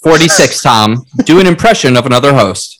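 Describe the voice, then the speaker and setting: Lively podcast host reading game prompts. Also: male voice, medium pitch, fairly quick. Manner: relaxed, reads out game prompts. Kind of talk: casual drinking-game chat.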